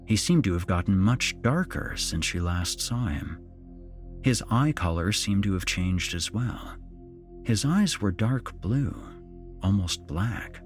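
A man narrating a suspense story aloud in an expressive reading voice. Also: on the low side, takes it slowly, soft background music.

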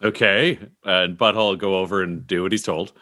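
A man's voice: sits low, steady tone, fairly quick, sharp tone. A man playing a tabletop game in a playful, upbeat way. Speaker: player.

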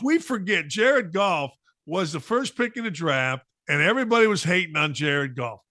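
A man's voice: high voice, lively intonation, moderate pace, bright, forceful tone, dry recording, clean studio sound. A man hosting a sports talk show, giving an opinionated monologue with emphatic repetition and mocking asides.

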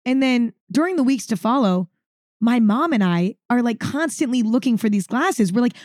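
A chatty woman telling a story on her podcast, with a somewhat high voice. She talks casually and animatedly, filling her sentences with "like". The sound is dry and close, with no room echo. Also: moderate pace. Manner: chatty, says "like" often, animated. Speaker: podcast host.

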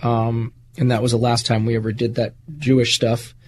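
Speaking at a normal speed in a flat, slightly mellow medium-pitched voice, this American guest recounts his life in candid, conversational storytelling. He rambles earnestly and often repeats words, with slight background noise in the recording.

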